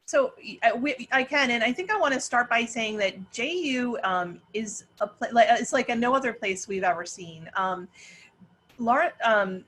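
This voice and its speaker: A woman's voice: a little high, lively intonation, normal speed, fairly bright tone, slightly rough. A middle-aged woman, a parent panelist, telling a long story with many restarts over a video call.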